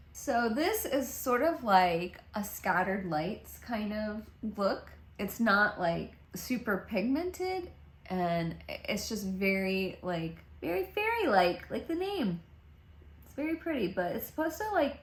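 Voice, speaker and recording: Casual woman beauty vlogger, middle pitch, rambling chatty delivery, echoey room. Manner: chatty, rambling, with repeated restarts. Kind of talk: casual makeup vlog chat. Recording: roomy echo.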